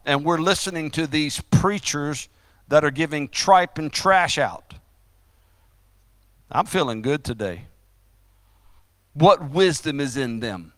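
A man preaching a fiery sermon, emphatic, swinging between loud stresses and quiet asides. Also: on the high side, no echo. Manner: emphatic, rising and dropping loudness, drawn-out stresses.

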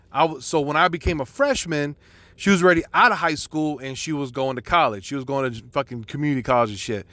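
A young man with a slightly high voice tells a long personal story in a loose, rambling way. He swears constantly, circles back, and restarts his sentences. The sound is dry and close. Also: a bit bright, dry recording. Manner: profane, rambling, frequent restarts and fillers. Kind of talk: casual storytelling monologue.

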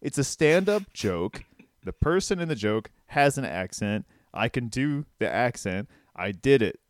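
Man, casual comedy chat, swears a lot, frequent laughter, mid pitch, dry close sound. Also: lively intonation, moderate pace, no echo. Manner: laughs often, swears freely, slips into mock voices.

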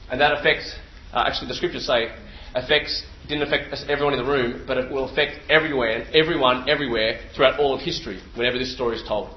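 A man in his thirties preaching a sermon, telling stories with lots of energy, repeating phrases and shouting out impressions. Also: fairly high pitch, roomy sound, dull audio, slight background noise. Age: 30s.

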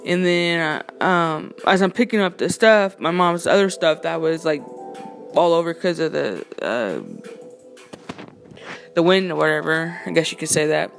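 A woman telling a casual storytime about a run-in with her neighbor, indignant and animated, full of slang and swearing, from her home. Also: low-pitched, measured pace, vocal fry, soft background music. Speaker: storyteller recounting a neighbor dispute.

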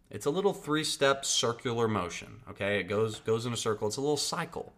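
A man's voice: mid-range voice, lively intonation, fast talker, few pauses, a bit bright. A man hosting a podcast, giving casual advice in a blunt, profane, emphatic way and often checking in with his listeners. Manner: conversational, checks in with "right?" and "okay?". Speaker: podcast host.

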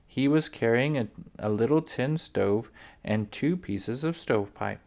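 A man reading a children's book aloud, unhurried, with small slips and restarts. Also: medium pitch, creaky, darkish tone. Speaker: reader.

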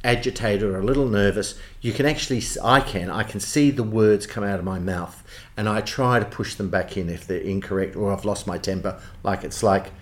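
A man with an Australian accent, a theatre producer telling lively backstage anecdotes in an interview. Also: fairly low pitch, a little fast, hardly any pauses. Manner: animated storyteller, does voices in quotes.

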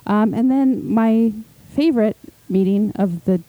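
A woman co-hosting a podcast, telling excited, chatty stories in casual conversation. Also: mid-range voice, unhurried, no echo, narrow, tinny audio. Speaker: podcast co-host. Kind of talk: casual chat.

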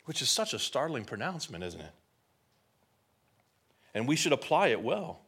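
A man's voice: mid-range voice, very animated, normal speed, fairly bright tone, husky. A man preaching a sermon in an emphatic, conversational way, often putting rhetorical questions to his listeners. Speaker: pastor.

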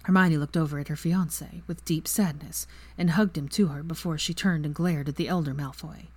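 A woman reading fan fiction aloud as narrator in a steady, even manner. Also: low-pitched, a little fast, slightly rough, dry recording. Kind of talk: story narration.

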